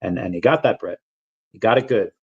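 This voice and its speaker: A man hosting a casual crypto livestream, rambling in a relaxed way with many fillers and bouts of hiccups. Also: lowish voice, fairly quick, slightly rough, highs cut off. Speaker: crypto channel host.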